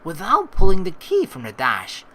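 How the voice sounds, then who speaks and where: Animated woman reading a game aloud. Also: on the low side, normal speed, slight background noise, rough recording. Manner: animated, sarcastic, swearing asides. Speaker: let's play host. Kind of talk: reading a visual novel aloud with commentary.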